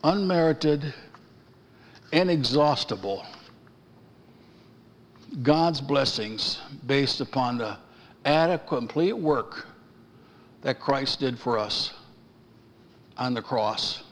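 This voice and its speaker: A man preaching a sermon as pastor, getting excited, raising his voice and pounding the pulpit. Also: medium pitch, slow, long pauses. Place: church sanctuary. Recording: church hall with long reverb.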